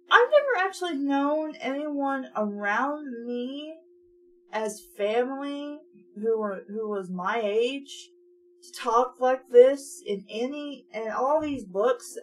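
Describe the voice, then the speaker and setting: A young woman reading a children's horror book aloud and interrupting it with sarcastic, mocking asides. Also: a little high. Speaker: book reader and commentator. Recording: distant mic with faint hum.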